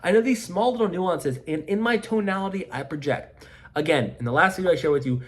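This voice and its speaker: A man's voice: high voice, fairly quick. A man coaching life insurance sales in an emphatic, repetitive pep-talk to camera. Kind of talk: motivational coaching monologue to camera.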